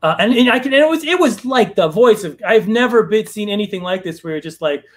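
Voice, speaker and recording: Male guest, slightly higher voice, rambling live-stream anecdote full of fillers. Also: expressive, quick pace. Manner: rambling, many fillers and restarts. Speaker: guest writer. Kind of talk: casual storytelling in a live Q&A.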